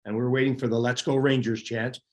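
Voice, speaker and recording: Middle-aged male guest, lively anecdotal storyteller, mid pitch. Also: fast. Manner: animated, laughing anecdotes. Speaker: guest, former hockey goalie. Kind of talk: casual storytelling.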